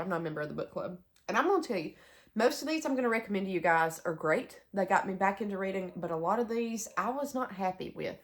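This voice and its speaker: A woman's voice: mid-range voice, fairly bright tone. A young woman with a Southern US accent, chatting casually to camera in a rambling way with asides. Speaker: homestead vlogger. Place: sunroom bedroom in a house.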